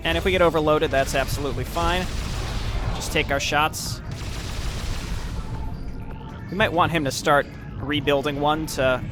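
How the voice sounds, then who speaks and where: A man's voice: a little high, steady tone, measured pace, pauses often. A man giving casual let's-play commentary, explaining his moves as he plays and sometimes reading game lore aloud. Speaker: gameplay commentator. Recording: game music loud underneath. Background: game music.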